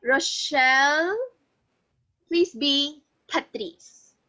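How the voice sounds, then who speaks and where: A woman's voice: high-pitched, very slow. A woman teacher, leading an online class and coaxing students to speak up. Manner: encouraging, animated, coaxing students. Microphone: video call. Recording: muffled lo-fi online class audio.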